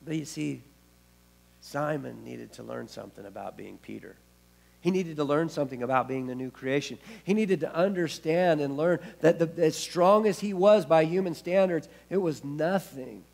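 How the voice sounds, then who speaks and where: A man preaching a sermon as pastor, expressive, with wide swings in loudness and casual, laughing asides. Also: a little high, normal speed, gravelly.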